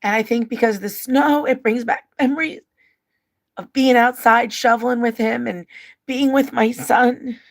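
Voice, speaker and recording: A woman's voice: on the high side, fairly even intonation, normal speed. A woman hosting a livestream, reading out viewer comments and her own personal letters in an open, emotional way. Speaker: livestream host.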